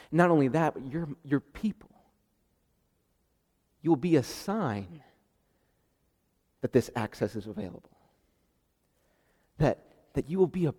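A man preaching a sermon, animated and acting out the dialogue with sudden jumps in pitch and loudness. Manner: animated, acts out the dialogue with rising pitch and volume. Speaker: pastor. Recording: long reverb of a hall.

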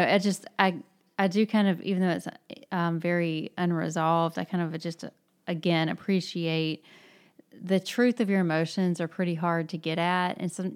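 A woman's voice: fairly low pitch, a little mellow, clean tone. A woman in a casual book discussion, talking reflectively with many hesitations and fillers.

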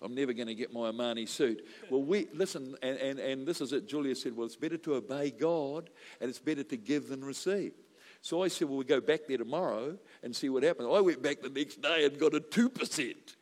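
A male pastor, telling a joking story in a sermon that builds to loud preaching. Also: medium pitch, fairly quick. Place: church hall. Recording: long reverb of a large hall.

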